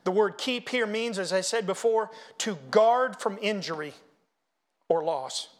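High-voiced preaching man, hushed to loud. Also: measured pace. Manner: preaching with swings from hushed to loud, chanting hymn lines. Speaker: pastor. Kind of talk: sermon. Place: church.

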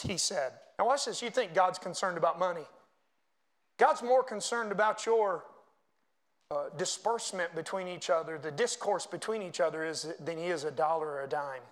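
A man preaching a sermon, reading scripture aloud and making animated asides to the congregation. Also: high voice, moderate pace, long pauses. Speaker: pastor.

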